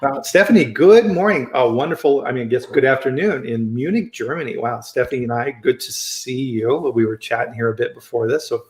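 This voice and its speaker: A man's voice: medium pitch, brisk, hardly any pauses, echoey room. Chatty man hosting a live stream. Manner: chatty, friendly, restarts often. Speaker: host. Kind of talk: casual live-stream chat.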